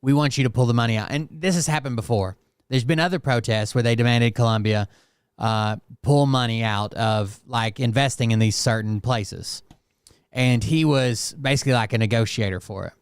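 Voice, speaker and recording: A man's voice: medium pitch, moderate pace, smooth, dry recording, studio quality. A man hosting a casual reaction commentary, rambling and hesitant with frequent restarts. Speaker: commentary channel host.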